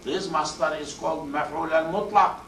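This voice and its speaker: A man whose voice is a little high, gravelly and a bit bright gives a tafsir lecture in a mosque classroom, explaining Arabic words one by one, repeating terms and quickly running through verb forms. His voice comes from afar in an echoing room over a faint hiss.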